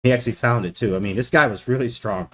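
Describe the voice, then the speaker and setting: Male chess streamer, animated, joking, slangy, mid-pitched voice. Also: fast. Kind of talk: live chess commentary.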